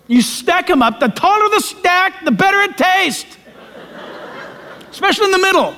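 A man's voice: very high-pitched, a bit bright. A male pastor preaching a sermon in a folksy, emphatic way with homespun asides. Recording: long hall reverb.

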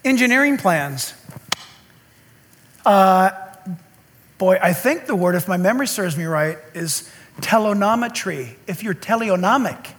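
A preacher with a very high, bright voice delivers a lively sermon. He jokes and makes sarcastic asides, and his pitch leaps around as he talks. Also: measured pace, long pauses, a little hiss or hum. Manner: animated and joking, sarcastic asides. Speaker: pastor.

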